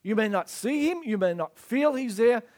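A man preaching a sermon in a fairly high voice that rises and falls a great deal. He speaks emphatically and acts out the scripture scenes as he goes. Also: animated, normal speed, a little mellow.

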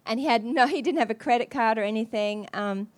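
A woman preacher telling a story in an earnest, halting way, with many restarts. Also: on the high side. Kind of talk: sermon storytelling.

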